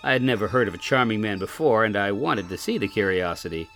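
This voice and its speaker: Male narrator, very animated delivery, soft music underneath; period tale reading. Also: on the low side, fast talker. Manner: expressive, old-fashioned storytelling. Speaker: storyteller. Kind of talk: first-person story reading.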